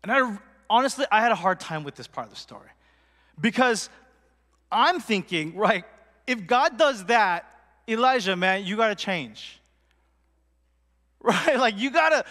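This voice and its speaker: A man preaches in a loose, conversational way, with fillers and asides to his congregation. His voice sits high and sounds bright. A long reverb trails his words through the church hall. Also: expressive, moderate pace, pauses often. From Portland. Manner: chatty, full of fillers, acts out quotes, drops to a whisper for effect. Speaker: pastor. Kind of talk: casual sermon.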